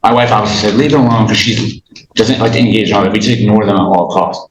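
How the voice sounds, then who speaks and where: A man's voice: lowish voice, steady tone, quick pace, roomy sound, a little hiss or hum, rough recording. Agitated man testifying in court. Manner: agitated, rambling, restarts sentences, acts out quotes. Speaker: litigant in small claims court.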